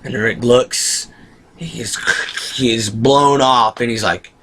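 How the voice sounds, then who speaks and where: Male vlogger, casual reviewer, rambling and excitable, average pitch. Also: takes it slowly. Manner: excitable, rambling retelling of scenes. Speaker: show reviewer.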